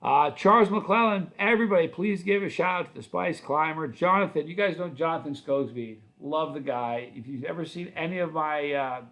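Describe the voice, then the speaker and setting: A man's voice: on the high side, normal speed, few pauses, a bit bright. A middle-aged man hosting a livestream, answering viewer comments in a loose, rambling, friendly way with many restarts. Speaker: channel host.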